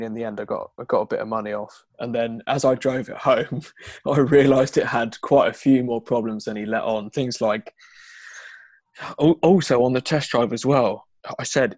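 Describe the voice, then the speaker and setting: A man's voice: medium pitch, fairly even intonation, fairly quick, darkish tone, no echo. A man co-hosting a podcast, rambling through a long story, acting out the dialogue and laughing along the way. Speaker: podcast co-host. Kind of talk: casual anecdote telling.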